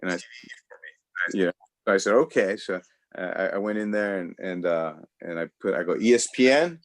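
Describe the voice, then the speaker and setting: A man's voice: sits low, fairly even intonation, moderate pace, dry recording. A man from Los Angeles doing a loose, rambling stand-up set over a video call, often laughing at his own jokes. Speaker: stand-up comedian. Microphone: home computer mic on a video call.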